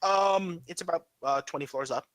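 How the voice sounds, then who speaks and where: A man narrating as game master in a relaxed way, with many pauses and fillers. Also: on the high side, dry recording, low-quality recording.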